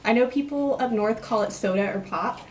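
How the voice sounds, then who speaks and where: A young Texan woman with a Texan accent rambles chattily through an accent tag vlog, poking fun at herself. Her voice sits on the high side with a darkish tone and moderate pace, and she sounds far from the mic in an echoey room.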